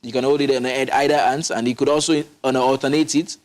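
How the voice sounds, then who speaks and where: A public speaking coach explains his methods in a studio interview, instructive and emphatic, frequently restarting his sentences. His voice is mid-range and steady in tone, and he talks fast.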